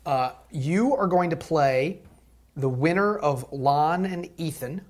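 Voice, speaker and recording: A man playing a nervous male league commissioner in a comedy sketch, who snaps angrily and then turns shrill and fawning. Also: takes it slowly, darkish tone. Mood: nervous eager.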